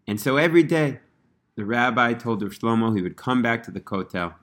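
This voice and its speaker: A man telling a religious story in a casual, earnest way, rising in pitch when he quotes the people in it. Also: brisk. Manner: earnest, animated when quoting characters.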